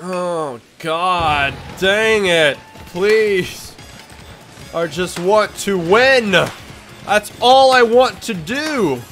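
A young man talks over his own gameplay in an unusually high, animated voice that jumps from grumbling to shouting. His tone is bright and tense, and he talks slowly. Faint game music plays underneath. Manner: frustrated, swings from muttering to loud outbursts. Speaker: gaming video host. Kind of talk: let's play commentary.

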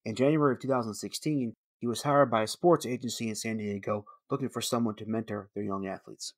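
A man giving solemn, steady scripted narration for a documentary. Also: on the low side, quick pace, no room sound, studio quality.

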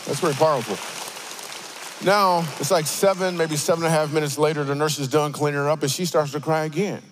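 A man preaching a comedic sermon in a church auditorium, telling stories with animated, playful asides. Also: a little high, brisk. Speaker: guest speaker.

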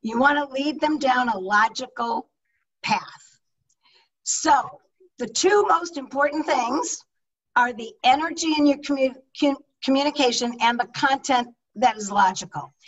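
A middle-aged woman, a public speaking coach, teaching an online leadership talk with energetic, emphatic delivery over a video call microphone. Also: sits high, a little slow, recorded from a distance, lo-fi sound.

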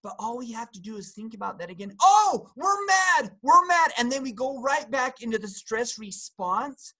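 Animated man explaining with dramatic flair. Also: extremely high pitch, brisk, breathy edge, poor audio. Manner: animated, acts out angry outbursts and quotes. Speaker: guest health practitioner. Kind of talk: casual health discussion.

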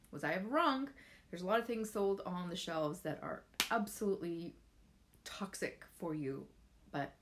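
Chatty woman with a lowish voice. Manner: chatty, rambling, filler-heavy, heartfelt. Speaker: vlogger sharing essential oil tips. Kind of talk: casual chat to camera.

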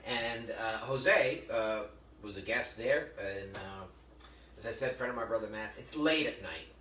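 A middle-aged man leads a relaxed cooking demonstration, joking with the audience and wandering into stories. His voice sounds set back from the mic in an echoey kitchen. A faint room hum sits underneath. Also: fairly low pitch, unhurried, far from the mic. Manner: chatty storyteller, jokey asides to viewers. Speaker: cooking show host.

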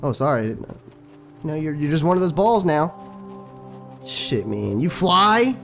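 A young man casually commenting on his own video game playthrough, excitable and profane, talking back to the characters on screen. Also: on the high side, measured pace, gravelly, soft background music. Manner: excitable, swears a lot, talks to the game characters. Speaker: gaming channel host. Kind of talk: casual let's play commentary.

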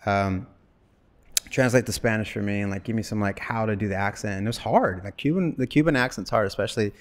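A man's voice: fairly low pitch, quick pace. A man in his forties from Wyoming, an actor telling stories in a casual interview, rambling and acting out bits of dialogue. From Wyoming, USA. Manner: rambling, animated, acts out quoted dialogue. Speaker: actor guest.

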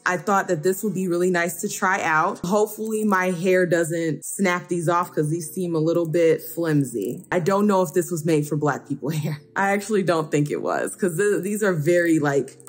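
A woman's voice: fairly low pitch, breathy edge. A woman vlogging a beauty box unboxing, reading out labels and chatting about each product with delighted little exclamations. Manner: reads out product labels and comments on them.

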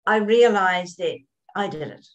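A woman's voice: on the low side, lively intonation, measured pace, lo-fi sound, a crowd in the background. An older woman, a grandmother, hosting an interview with encouraging affirmations. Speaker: host, author. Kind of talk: interview chat.

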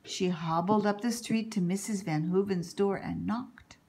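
A woman reading a children's picture book aloud in an expressive, animated storytelling manner. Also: mid-range voice, a little slow. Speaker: reader.

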